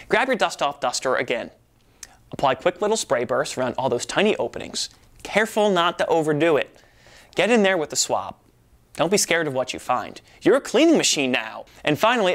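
A man's voice: fairly high pitch, a bit bright. A man giving a playful, exaggerated comedic demonstration as a presenter. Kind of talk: comedic product demo.

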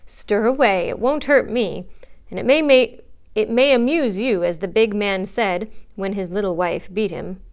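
Storybook reading: an idle young gentleman read by a woman, teasing and languid. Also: medium pitch, measured pace, clear, resonant tone, close to an everyday voice. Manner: lazy, teasing drawl. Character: idle charming young man teasing lazily.

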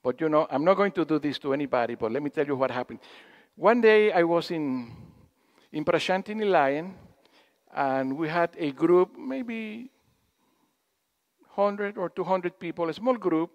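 A man's voice: on the high side, expressive, normal speed, lo-fi sound. A man giving a spiritual talk to an audience in a hall, telling stories, acting out quotes and putting questions to the listeners. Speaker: speaker at a spiritual gathering.

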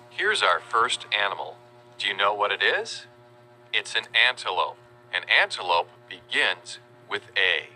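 Male narrator for a kids' learning video, deep-ish and bright, slow and lively. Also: slight background noise, rough recording. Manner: playful, slow and animated, spells out words for kids. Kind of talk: children's educational narration.

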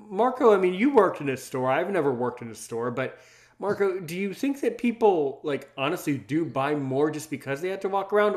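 A man in his fifties hosting a casual chat, talking with stammering restarts and wry asides and asking questions. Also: fairly high pitch. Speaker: host.

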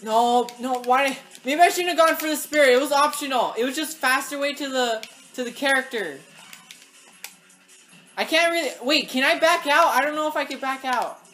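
A high-pitched woman narrating her own gameplay, excitable and quick to shout at the characters on screen. Faint game music plays behind her as she talks to the game. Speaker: gaming channel host. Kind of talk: live gameplay commentary.

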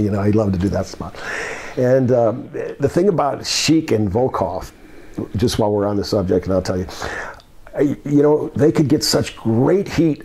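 Gravelly, husky older man telling stories. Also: mid-range voice, mellow. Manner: rambling anecdotes with many fillers. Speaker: guest, retired wrestler. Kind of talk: storytelling shoot interview.

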